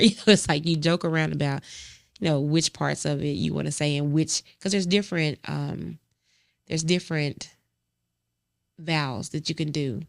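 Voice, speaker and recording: A woman in her forties hosting a podcast, speaking softly and from the heart, often halting and restarting as she reflects. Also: deep voice, steady tone, vocal fry, no room sound, studio quality. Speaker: podcast host. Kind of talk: personal reflective monologue.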